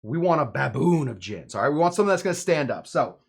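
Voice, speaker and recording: A man's voice: a little high, sing-song, quick pace, creaky. A man hosting a casual home cocktail video, rambling and joking with many fillers as he talks. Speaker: home bartender host. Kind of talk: casual cocktail-making video with live chat.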